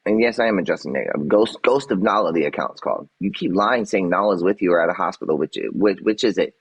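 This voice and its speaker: A man's voice: sits low, quick pace, slightly rough, poor audio. An agitated man on a livestream answering his chat, defensive and swearing, repeating himself as he vents. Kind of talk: livestream rant.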